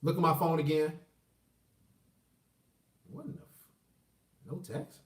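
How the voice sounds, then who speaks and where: A man casually telling a personal story, animated and profane, swinging between loud outbursts and low mutters. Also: takes it slowly. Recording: roomy echo, mic at a distance.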